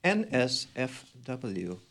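A man runs a quiz segment on live radio, joking with his guests and swinging his voice up and down as he goes. He talks from a small studio. A steady hiss and clicking sit under his mic. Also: mid-range voice, very slow. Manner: jokey, animated quizmaster. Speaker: radio game show host. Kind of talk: playful live radio banter.

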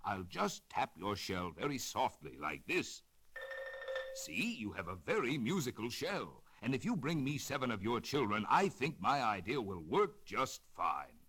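Man doing a slow, sighing lonesome octopus. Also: mid-range voice, very animated, fairly bright tone, breathy edge, heavily acted. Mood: gentle. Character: lonesome gentle male octopus, melancholy and kind.

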